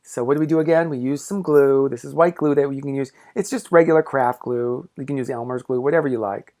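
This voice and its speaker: A man's voice: medium pitch, fast, darkish tone. A man, a pop-up book artist, walking viewers through a craft tutorial in an upbeat, encouraging, playful way.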